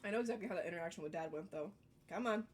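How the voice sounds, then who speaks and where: A young woman co-hosting a casual podcast, quick and jokey, tossing in playful remarks. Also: lowish voice, a little mellow, slight background noise. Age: young adult. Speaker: podcast co-host. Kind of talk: casual chat.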